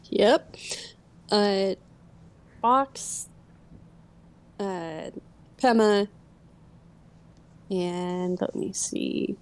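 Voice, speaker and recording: A woman's voice: medium pitch, very slow, long pauses, clean tone. A woman narrating as game master of a tabletop role-playing game, hesitant and full of filler sounds.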